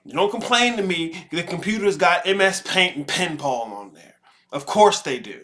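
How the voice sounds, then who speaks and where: A man's voice: sits high, lively intonation, normal speed, bright, forceful tone. A man hosting a commentary show, lecturing in a profane way and leaning on analogies. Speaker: show host. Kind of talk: reaction commentary.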